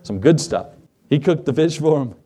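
A man preaching a sermon to his congregation, animated, acting out Bible scenes in quoted voices. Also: fairly high pitch, normal speed, husky. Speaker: pastor.

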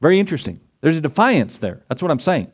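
Preacher with a raised voice. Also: male voice, fairly high pitch, very animated, fast talker, husky. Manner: emphatic preaching, rhetorical questions, acts out quoted voices. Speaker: pastor. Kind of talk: sermon.

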